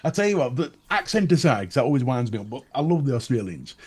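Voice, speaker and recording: A man's voice: medium pitch, very animated, fast talker, darkish tone, husky. A Northern English man co-hosting a casual podcast chat, blunt and sweary, laughing at his own jokes. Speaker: podcast co-host.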